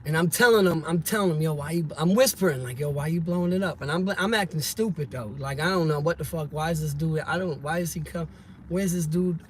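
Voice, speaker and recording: A man spins a loose, slangy story, sometimes getting loud and heated. His voice sits a little high for a man. Loud car and street noise runs under everything. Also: fairly quick. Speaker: vlogger telling stories.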